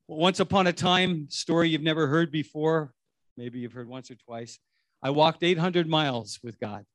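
A man's voice: fairly high pitch, moderate pace, fairly bright tone, no room sound. A middle-aged man preaching a sermon in a rambling, conversational way, full of restarts and asides. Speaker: pastor.

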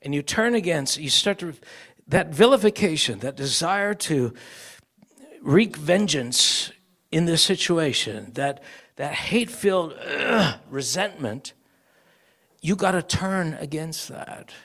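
A man's voice: on the high side, lively intonation, takes it slowly, a bit bright. A male preacher giving a sermon, telling stories and acting out the voices of people he quotes.

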